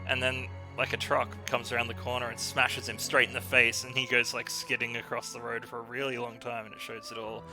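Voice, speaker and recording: A man's voice: mid-range voice, brisk, hardly any pauses. A man co-hosting a game video, chatting casually and acting out funny scenes with frequent laughter. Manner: animated storyteller, laughs often, acts out quotes. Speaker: let's play co-host. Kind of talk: casual chat over gameplay. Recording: music bed behind voice.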